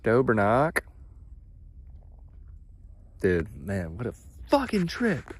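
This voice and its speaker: A man's voice: mid-range voice, wildly swooping pitch, takes it slowly. A man chatting on a late-night livestream in a loose, awed and profane way, drawing out his words and laughing often.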